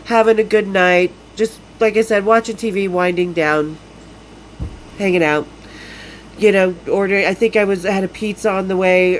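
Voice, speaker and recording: A woman's voice: medium pitch, rough recording. Woman in her fifties, from Utah, podcast host telling stories casually, frank and profane, slight background noise. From Salt Lake City, Utah. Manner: blunt, profane, laughs often. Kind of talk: casual storytelling.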